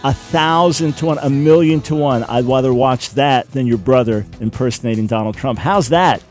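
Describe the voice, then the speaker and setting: A man's voice: medium pitch, normal speed, faint music behind. Enthusiastic male radio talk show host. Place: radio studio.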